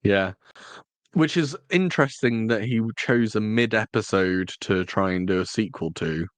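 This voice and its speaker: Podcast co-host, male, lowish voice, wry teasing delivery, dry close mic. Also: a little slow, no room sound. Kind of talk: casual chat.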